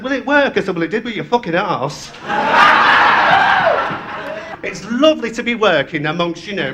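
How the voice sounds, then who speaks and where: High-voiced man, bawdy club patter. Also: a little hiss or hum. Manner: brash, gossipy, crude storytelling. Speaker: drag act compere. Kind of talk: bawdy live stand-up patter. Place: live club stage. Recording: roomy live venue with loud music.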